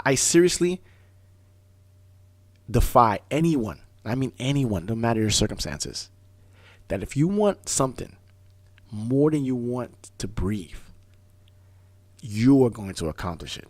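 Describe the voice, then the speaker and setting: A man hosting a talk radio show, telling stories in a casual, animated way, often restarting words. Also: fairly low pitch, no room sound. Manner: animated storyteller, fast bursts, repeats and restarts words. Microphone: studio microphone.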